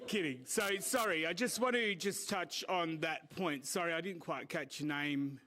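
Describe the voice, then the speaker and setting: A man's voice: on the high side, normal speed, pushed and bright. An Australian man from Port Augusta giving an earnest, joking community talk, with many fillers. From Port Augusta, South Australia. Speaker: community speaker. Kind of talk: informal public talk at a meeting. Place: community hall.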